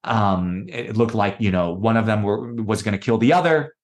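Guesting on a podcast, a man with a lowish voice speaks at normal speed. He tells personal stories thoughtfully and conversationally, giving voice to the people he quotes.

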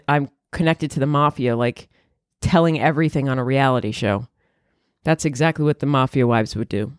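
A woman comedian hosting a podcast, talking in a profane, rambling monologue that swings into loud high exclamations. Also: dry recording, studio quality.

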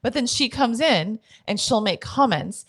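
A woman's voice: a little high, measured pace, husky. A woman, co-hosting a casual chat and telling blunt, profanity-laced stories. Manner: blunt, swears freely, animated storytelling. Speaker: podcast co-host.

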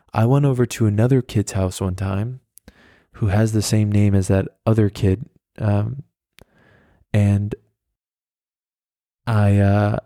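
In a casual solo storytelling episode, a podcast host rambles and swears through a tale, laughing at himself. His voice is on the low side with a dark tone. Studio-quality audio without echo.

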